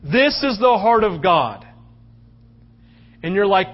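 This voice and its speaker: Pastor guy preaching hard, high voice, goes loud then real quiet, kinda dull lo-fi sound. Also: sing-song, slow, pauses often. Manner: impassioned, swings from loud to hushed. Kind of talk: sermon.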